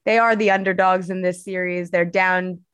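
A woman's voice: fairly low pitch, moderate pace, smooth, no room sound. Chatty woman reporter on sports talk. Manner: chatty, lively, hedging.

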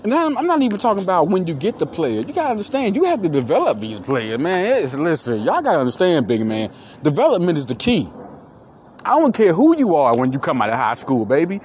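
A man's voice: a little high, huge pitch swings, a little fast, darkish tone, a little hiss or hum. Hyped-up Philly man podcasting sports. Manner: hype, repetitive, calls listeners "baby". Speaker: podcast host. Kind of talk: excited solo sports podcast.

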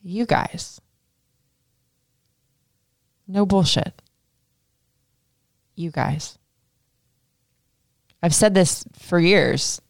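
A woman's voice: deep voice, clear, resonant tone, no echo, studio quality. A woman in her thirties hosting a podcast, chatting casually through listener questions with lots of fillers and casual swearing. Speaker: podcast host.

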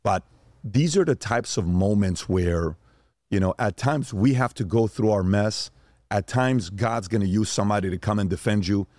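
A middle-aged man with a fairly low voice tells stories and fires off blunt rhetorical questions like a motivational speaker. His delivery is preachy and pointed. The sound is dry and close-miked. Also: normal speed, a little mellow, no room sound. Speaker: guest. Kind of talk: animated storytelling and rapid questioning.

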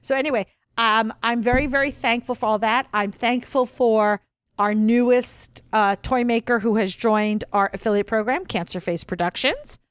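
A woman co-hosting a podcast in casual chat, chatty and excitable, often trailing off mid-sentence. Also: on the high side, normal speed, clean tone, no echo. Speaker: podcast co-host.

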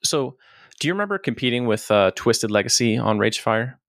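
A man hosting a podcast, asking quick, loose questions with casual swearing. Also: mid-range voice, lively intonation, fairly bright tone, dry recording, studio quality. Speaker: podcast host. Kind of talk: casual interview.

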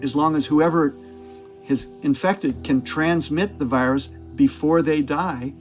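A man, an author, explaining science in a measured way during a talk to a book club. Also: on the high side, steady tone, faint music behind.

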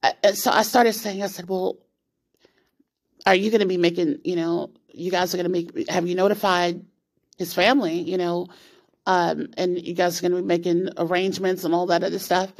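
A woman's voice: lowish voice, flat delivery, normal speed. A woman in her thirties hosting a podcast, telling a personal story in a rambling, emphatic way with lots of restarts and repeated words. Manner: emphatic, rising into outraged questions. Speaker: podcast host.

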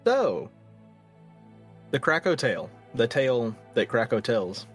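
Man podcast co-host, deadpan wit, casual. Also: mid-range voice, moderate pace, faint music behind. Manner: dry, wry humor. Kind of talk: casual chat.

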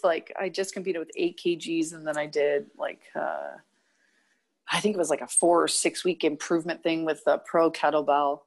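Lively young woman telling a story. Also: lowish voice. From Canada. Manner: animated storyteller, acts out quotes, laughs often. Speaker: guest, kettlebell athlete. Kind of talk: casual interview chat.

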